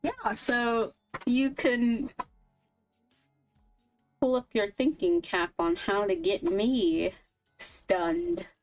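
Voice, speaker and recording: Woman, casual chat, giggly, mid pitch, faint background music. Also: extremely slow, long pauses, poor audio. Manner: chatty, giggly. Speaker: improv co-host.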